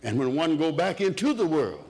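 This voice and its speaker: A man's voice: fairly high pitch, very animated, normal speed, darkish tone. A man preaching a sermon in a rhythmic way, asking the congregation questions and answering them himself.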